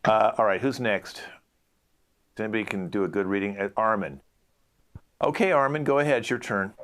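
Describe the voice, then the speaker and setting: A man's voice: on the low side, fairly quick, fairly bright tone. A man hosting an improv game as a brusque, dismissive casting director, over a video call. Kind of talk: improvised comedy scene.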